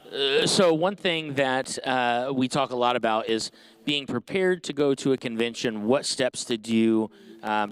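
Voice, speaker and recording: A man's voice: mid-range voice, a bit bright, clean tone, no room sound. A man from Indianapolis hosting a podcast panel on a convention stage, rambling and filling his talk with hesitations. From Indianapolis, USA. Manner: rambling, heavy with fillers. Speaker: podcast host.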